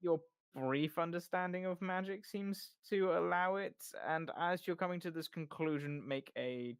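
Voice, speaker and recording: A man's voice: high voice, moderate pace, clean tone, no echo, studio quality. A man narrating as game master in a tabletop game, with wry, joking asides.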